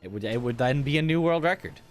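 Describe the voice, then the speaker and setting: A man's voice: medium pitch, lively intonation, fast, soft background music. A man casually chatting and joking while streaming a speedrun. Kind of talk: casual live-stream commentary.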